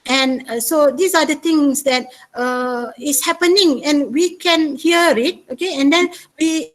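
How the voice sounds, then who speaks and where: A woman's voice: sits high, poor audio. A woman giving a webinar lecture on teaching listening, often ending her points with a checking "yeah?". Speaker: university language lecturer.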